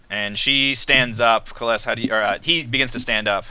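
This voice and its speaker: A man's voice: medium pitch, steady tone, moderate pace, pushed and bright, clean tone, dry recording. A man narrating as game master in a casual, loose way.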